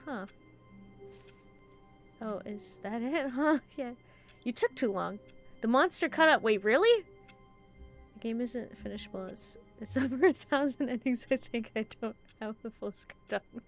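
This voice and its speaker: A woman streaming a game with giggly, excitable casual commentary. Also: a little high, moderate pace, soft background music.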